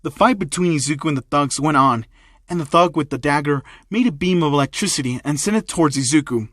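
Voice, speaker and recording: A man narrating a fan-made action story with a plain, halting delivery. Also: a little high, fairly bright tone, no room sound, studio quality.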